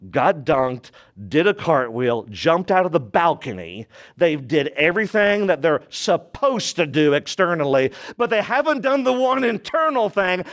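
A man delivers a sermon in a notably high voice for a man. His preaching is emphatic, rising to stress key points and then dropping to a hushed tone. He keeps asking the congregation rhetorical questions. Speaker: pastor.

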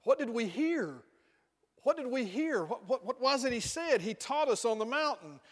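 Flustered disciples voiced by a man, high and searching, hall echo. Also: very animated, normal speed, heavily acted. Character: flustered male disciples trying to recall. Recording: reverberant hall.

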